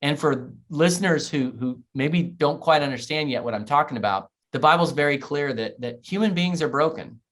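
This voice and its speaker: A man's voice: fairly high pitch, normal speed, hardly any pauses, a bit bright. Earnest man telling a personal story. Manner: earnest, heartfelt, reflective. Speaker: podcast guest.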